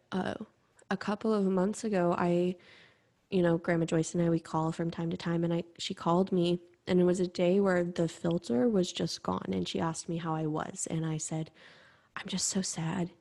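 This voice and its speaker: A young woman hosting a podcast, talking candidly and reflectively in a halting personal monologue. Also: fairly low pitch, fairly even intonation, gravelly, dark tone. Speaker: podcast host.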